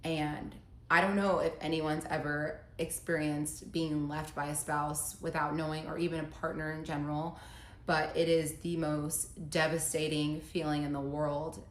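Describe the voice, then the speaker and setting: A woman's voice: deep voice, a little hiss or hum. A woman telling her own breakup story in a casual monologue, emotional, reading messages aloud in her own voice. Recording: echoey room.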